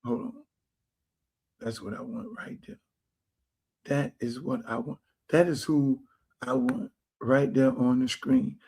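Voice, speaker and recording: A man's voice: medium pitch, fairly even intonation, slow pace, creaky, long pauses, a little mellow. A man hosting his own streamed show, ranting to viewers in a blunt, profane, slangy way. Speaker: show host. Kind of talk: casual livestream rant to viewers. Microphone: streaming setup mic.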